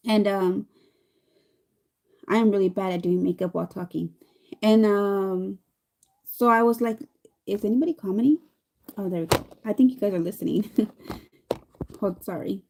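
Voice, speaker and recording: A chatty woman in her thirties tells a long, rambling story while she does her makeup, slipping into the voices of the people in it. Her tone is mellow and warm, sitting at an ordinary middle pitch. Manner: chatty, rambling, animated quoting. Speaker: vlogger.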